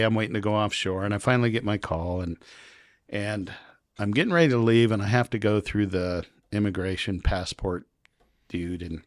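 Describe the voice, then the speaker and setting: A man, a podcast guest, telling animated, rambling stories in casual chat. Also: sits low, no room sound, clean studio sound. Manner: rambling, animated anecdotes with quoted voices. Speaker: podcast guest, local publisher.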